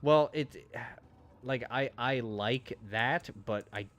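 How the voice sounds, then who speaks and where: A man's voice: mid-range voice, slow, a bit bright. A man streaming a game, chatting casually with lots of fillers and swearing. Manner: rambling, profane, frequent fillers. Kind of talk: casual chat while streaming.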